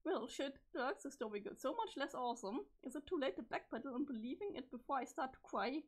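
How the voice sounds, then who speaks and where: A woman voices an eager, easily awed teenage boy in a webcomic read-aloud. He bursts out in quirky old-fashioned exclamations, the voice high and husky. It sounds a little strained. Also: lively intonation, fairly quick. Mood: excited. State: strained, failing voice. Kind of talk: reading a webcomic's chat logs aloud.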